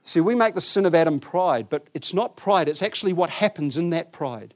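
A man preaching a conversational sermon, asking his listeners questions and swinging between loud, emphatic stretches and quiet, low ones. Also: lively intonation, brisk.

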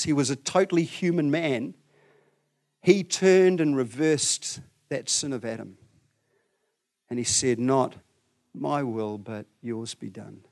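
A male preacher talks his listeners through a conversational sermon, putting questions to them along the way. His fairly high voice moves from loud emphasis to hushed, lowered tones. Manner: animated, swings between loud and quiet, asks the listeners questions.

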